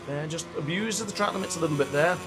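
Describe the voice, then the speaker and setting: Over a noisy background, a man with a fairly high voice talks fast during livestream gameplay commentary. The gaming streamer excitably calls his own race like a mock sports commentator, breaking into frustrated outbursts.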